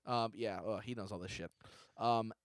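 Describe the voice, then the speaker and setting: A man's voice: on the low side, steady tone, moderate pace, smooth, dry recording, studio quality. A man co-hosting an improvised comedy podcast, stammering and exasperated as he banters with his co-host.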